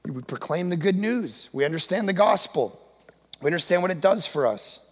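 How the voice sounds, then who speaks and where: Man preaching, very high voice, husky, emphatic shouting, long hall reverb. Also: animated, normal speed. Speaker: guest pastor. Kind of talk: sermon. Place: church sanctuary. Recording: long echo of a large church hall.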